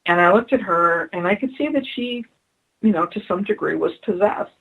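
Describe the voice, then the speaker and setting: Husky-voiced woman telling earnest stories. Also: mid-range voice, expressive, normal speed, a bit bright, rough recording. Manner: earnest, emphatic, repeats key phrases. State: choked up. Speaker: spiritual adviser guest. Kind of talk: radio interview storytelling.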